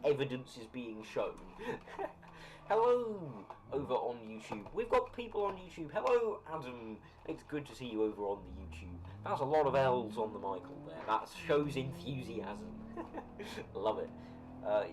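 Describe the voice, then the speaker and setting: A young British man chatting casually on a live stream while gaming, rambling as he reads and answers chat comments. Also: mid-range voice. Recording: noisy home recording.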